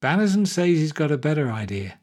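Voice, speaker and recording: A man's voice: on the high side, big pitch swings, a little fast, a little mellow. A man reading aloud and voicing a sly, down-at-heel male screenwriter. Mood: urgent.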